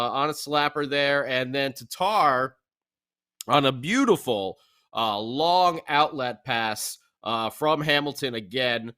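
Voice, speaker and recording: A man co-hosts a casual hockey podcast, animated and jokey in his delivery. His voice sits fairly high and sounds bright and forceful. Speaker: podcast co-host. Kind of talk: casual hockey recap chat.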